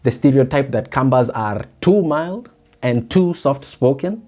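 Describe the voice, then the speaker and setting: A man's voice: medium pitch, expressive, measured pace, warm tone. A young Kenyan man with a Kenyan accent, hosting a solo podcast and musing aloud with rhetorical questions to his listeners. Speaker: podcast host.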